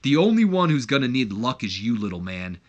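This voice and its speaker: A man's voice: medium pitch, big pitch swings, fairly quick, muffled recording, lightly acted. A man voicing a huge male wrestler who taunts a smaller rival in a sneering tone. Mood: taunting. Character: towering male wrestling giant, mocking bully.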